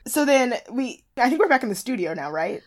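Young woman co-host, loose and animated, laughs easily, conversational recap talk. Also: a little fast, a loud crowd. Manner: animated, laughs often, jumps to high squeals when mimicking. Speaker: podcast co-host. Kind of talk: casual chat.

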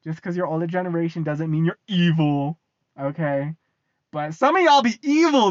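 Speaking at normal speed with lively intonation and medium pitch, a young adult American vlogger delivers a casual ranting monologue to the camera. Expect free swearing, repeated lines, and frequent laughter. The sound is muffled, lo-fi, close, and dry, without room echo.

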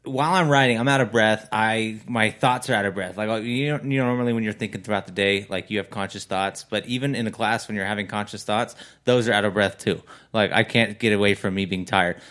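A man's voice: fairly low pitch, brisk, few pauses, fairly bright tone. Rambling, jokey male podcast host. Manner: rambling, jokey, laughs often. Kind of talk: casual podcast interview.

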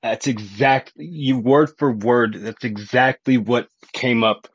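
A man, a coach appearing as a podcast guest, talking in a low-key, blunt way and swearing casually. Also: fairly even intonation, slow pace, breathy edge, no echo, dull audio. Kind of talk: candid conversational chat.

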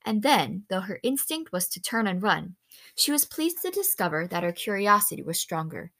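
A woman reads a children's novel aloud with lively expression and an average-pitched voice. She stops here and there to explain a word to her listener in a quick aside, and fixes small slips without fuss. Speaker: read-aloud storyteller.

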